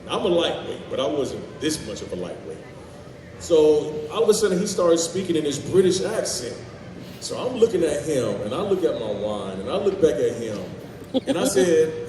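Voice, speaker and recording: A man's voice: a little high, sing-song, normal speed, a little mellow, a little hiss or hum. A man on a convention panel telling a story in a casual, colloquial way, laughing along. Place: large convention hall. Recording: echoey hall, far from mic, background ambience.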